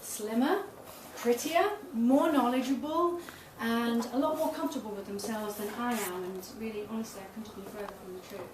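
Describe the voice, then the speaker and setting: A woman's voice: on the high side, steady tone, normal speed, hardly any pauses. A middle-aged woman giving a candid, self-deprecating public talk as a tantra massage teacher. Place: small event space. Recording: roomy, distant mic, noisy.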